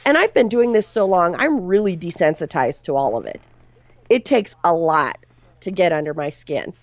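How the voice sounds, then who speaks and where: A woman recounts a haunting from her investigations, dropping her voice low on the chilling details. The recording is dull and lo-fi, with a dry, close sound. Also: big pitch swings, normal speed, no echo. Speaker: paranormal investigator guest. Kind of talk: storytelling in a podcast interview.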